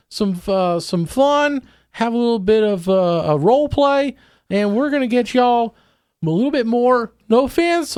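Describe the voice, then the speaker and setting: A man's voice: very high voice, clean tone, dry recording. Guy putting on a bossy tourism trainer, talks down to everyone, dry close mic. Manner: brusque, patronizing, cuts people off. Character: pushy male tourism trainer lecturing locals. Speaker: podcast co-host.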